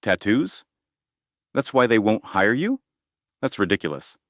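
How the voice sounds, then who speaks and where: A man's voice: fairly low pitch, big pitch swings, a little slow, no room sound, studio quality. A man reading the lines of a blunt, boastful older male president, in a direct manner full of superlatives. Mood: insistent.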